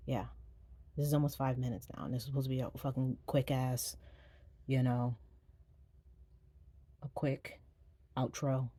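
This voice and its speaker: A woman's voice: a bass voice, mellow, dry recording. A young adult woman, an indie author, rambling casually and self-deprecatingly in a vlog outro, swearing freely.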